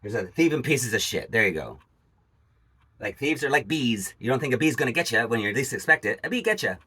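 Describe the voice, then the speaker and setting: Profane ranting vlogger man, bright husky voice. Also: mid-range voice, expressive, brisk. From Canada. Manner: profane, agitated ranting with repeated asides. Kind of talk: angry ranting vlog.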